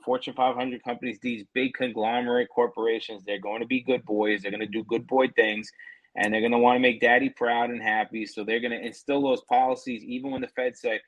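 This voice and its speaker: A male podcast co-host talks in a heated, casual, profane way, mocking other people with put-on voices. His voice sits at a middle pitch. The sound is dry and close, with no room in it. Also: little pitch movement, fairly quick, fairly bright tone, no echo, dull audio. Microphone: remote call.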